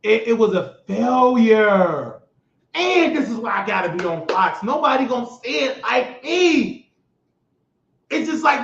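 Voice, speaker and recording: A man hosting his own show, giving loud, mocking political commentary that rises to shouts when he gets worked up. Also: extremely high pitch, very animated, a little slow, vocal fry, roomy sound, dull audio, slight background noise. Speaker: show host.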